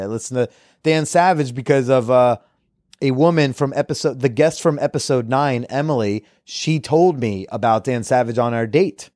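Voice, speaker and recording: An excitable young man hosts his podcast in loose, casual chat, swearing freely and tripping over his own restarts. His voice sits at an ordinary middle pitch. It is recorded close and dry, with no room sound around it. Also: no room sound. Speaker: podcast host.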